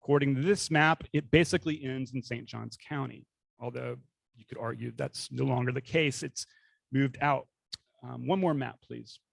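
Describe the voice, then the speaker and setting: A man's voice: mid-range voice, normal speed, vocal fry, dry recording. A younger man with a faint Northeast Florida Southern accent, giving a conversational slide lecture to a club and asking for the next slides. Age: young adult. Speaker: guest speaker.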